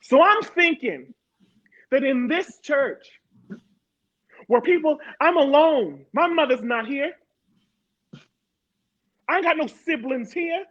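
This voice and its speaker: A woman's voice: high-pitched, expressive, slow pace, pauses often, muffled recording. A woman from Harrisburg, Pennsylvania, giving a personal testimony as a panel guest, emphatic and repeating words for stress.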